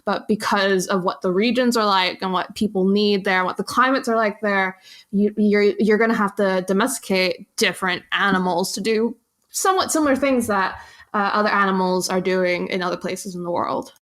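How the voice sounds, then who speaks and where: A woman's voice: mid-range voice, normal speed, a bit bright. A woman co-hosting a podcast in casual chat, laid-back and joking, often correcting herself mid-sentence. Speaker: podcast co-host.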